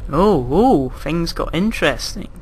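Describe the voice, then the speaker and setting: A man's voice: a little high, animated, unhurried, a little hiss or hum. A young man giving casual gameplay commentary, self-mocking and sarcastic, swearing when he gets frustrated. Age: young adult. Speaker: gaming commentator.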